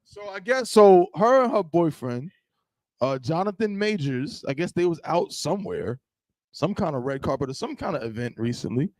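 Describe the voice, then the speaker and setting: A man's voice: on the high side, normal speed, no echo. A man co-hosting a casual podcast, bantering and laughing often. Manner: laughs often, animated and teasing. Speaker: podcast co-host.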